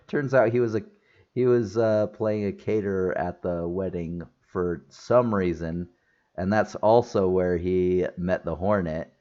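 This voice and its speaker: A man's voice: low voice, warm tone, lo-fi sound. A man giving a casual spoken movie review, chatty, with frequent laughs and restarted sentences.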